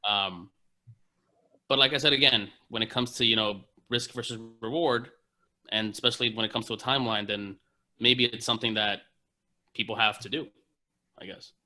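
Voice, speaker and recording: A man's voice: on the low side, steady tone, normal speed, pauses often, sharp tone. A man co-hosting a casual podcast chat as a personal trainer, speaking loosely with hedges and the odd swear word.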